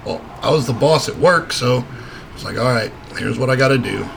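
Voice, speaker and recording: A man's voice: mid-range voice, expressive, moderate pace, vocal fry, fairly bright tone, a little hiss or hum. A man co-hosting a casual talk show, telling a story in a laid-back way, swearing and laughing often. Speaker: podcast co-host.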